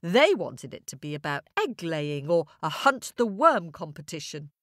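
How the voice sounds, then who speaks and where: In a low voice at a moderate pace, a woman tells a children's fable, lively and playful as she addresses the young listeners directly. The studio sound is clean, with no echo.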